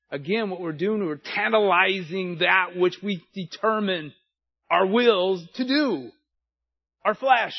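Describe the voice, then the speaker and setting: High-voiced pastor in his sixties preaching. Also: lo-fi sound. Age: 60s. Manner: earnest preaching, plain folksy phrasing. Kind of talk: sermon.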